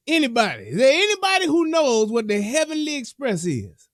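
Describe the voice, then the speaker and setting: A woman in giving a profane, comedic reaction, telling the story with animated asides and laughter. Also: sits high, normal speed, no room sound, clean studio sound. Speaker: reaction commentator.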